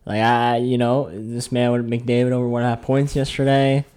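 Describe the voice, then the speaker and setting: A man's voice: medium pitch, flat delivery, normal speed, darkish tone, smooth. Male podcast host, loose chatty banter, jokey, trails off mid-sentence. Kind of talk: casual sports betting chat.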